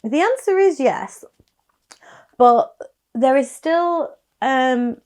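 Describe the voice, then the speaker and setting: A woman giving a casual, chatty tarot reading to camera, soft-spoken with little sighs. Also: high voice, expressive, drawn-out words. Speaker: tarot card reader.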